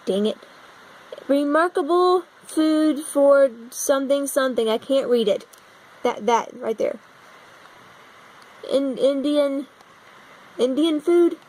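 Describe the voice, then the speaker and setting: A woman's voice: sits high, slow, pauses often, a little mellow, low-quality recording. A young American woman vlogging casually, thinking aloud and puzzling over things as she browses on her computer, recorded on a phone propped against her laptop. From United States. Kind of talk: casual vlog narration while browsing a map on a computer.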